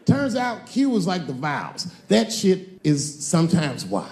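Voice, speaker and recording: Fortyish guy doing standup, high-ish voice, big roomy stage echo, yells the punchlines. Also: measured pace, a little hiss or hum. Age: 40s. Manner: animated, swings into shouted punchlines and acted-out voices. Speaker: stand-up comedian. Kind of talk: stand-up comedy. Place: comedy stage before a live audience.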